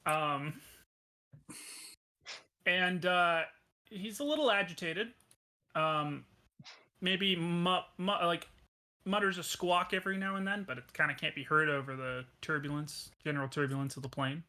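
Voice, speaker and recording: Bright-voiced man running a tabletop game. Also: fairly high pitch, a little slow, long pauses. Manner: casual, full of fillers and restarts. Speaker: game master.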